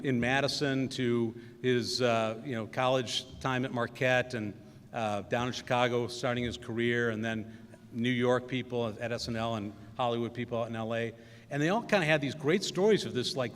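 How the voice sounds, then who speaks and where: A man's voice: medium pitch, a bit bright. Man rambling through stories in a hall. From Wisconsin. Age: middle-aged. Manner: storytelling with many fillers and acted quotes. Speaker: commencement speaker. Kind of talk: anecdotal speech. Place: large hall. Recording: reverberant hall.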